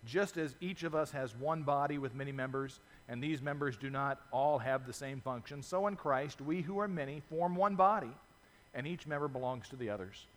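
A man preaching a sermon as pastor, telling stories with lively acted-out voices and reading scripture to his congregation. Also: medium pitch, normal speed, big-room sound. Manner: animated storytelling, acts out voices in stories.

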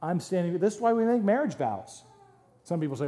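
A man's voice: high voice, animated, fast talker, warm tone. A man preaching a sermon to his congregation in a conversational, humorous way, with jokes and asides. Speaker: pastor. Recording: long hall reverb.

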